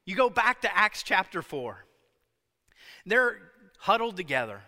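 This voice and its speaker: Guy preaching, high sharp voice, big echo, leans hard on words then drops to a hush. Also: sing-song, measured pace. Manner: emphatic, shifting between loud stresses and hushed lines. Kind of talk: sermon. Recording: long hall reverb.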